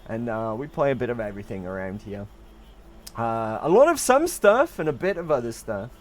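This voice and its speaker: Lively, joking male game streamer. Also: mid-range voice, moderate pace, slight background noise. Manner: joking, teasing banter with occasional swearing. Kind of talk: casual live-stream chat while playing.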